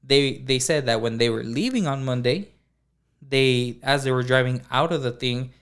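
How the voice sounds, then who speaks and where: A man co-hosting a podcast, telling a story in a casual, animated way with lots of filler words. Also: mid-range voice, normal speed, smooth. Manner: animated, acts out dialogue, many fillers like "like". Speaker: podcast co-host.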